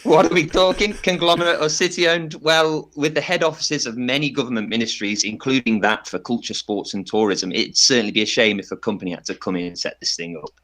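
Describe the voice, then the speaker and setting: A man on a podcast giving a playful, tongue-in-cheek pitch and laughing often. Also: steady tone, a little fast, hardly any pauses, a bit bright. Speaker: podcast panelist. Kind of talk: mock campaign pitch.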